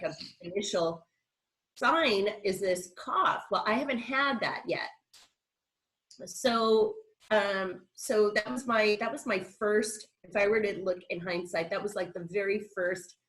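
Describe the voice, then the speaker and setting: A woman's voice: mid-range voice, poor audio. A middle-aged woman on a video call, telling a personal story in a chatty, rambling way with frequent restarts and laughs. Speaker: guest speaker.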